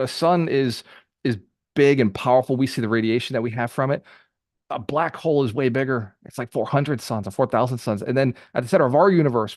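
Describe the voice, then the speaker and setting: A man hosting a group call as a real estate mentor, giving an energetic motivational talk with rapid, repeated phrases. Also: mid-range voice, no room sound, studio quality.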